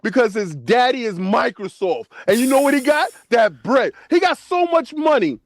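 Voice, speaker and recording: Dude with a real high voice going off, repeats his punchline over and over, swings all over the place, dry sound. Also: sing-song, moderate pace, no room sound. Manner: emphatic, repeats punchlines, asks "you know why?". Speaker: podcast co-host. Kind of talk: casual chat.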